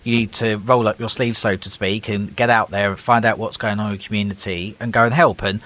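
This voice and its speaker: British male guest, somewhat low voice, long chatty answers full of ums. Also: flat delivery, fairly quick, a bit bright. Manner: long explanations with frequent ums and repeated words. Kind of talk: casual conversation.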